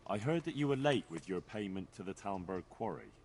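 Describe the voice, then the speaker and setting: A direct, questioning game hero. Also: male voice, low voice, animated, fairly quick, a crowd in the background. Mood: inquiring. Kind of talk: video game dialogue.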